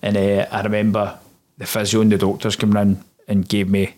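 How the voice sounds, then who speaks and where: A young Scottish man with a fairly low voice talks through his experiences as a former soldier. His delivery is plain and low-key, and he tells events in long, steady runs. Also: brisk. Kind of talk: casual interview storytelling.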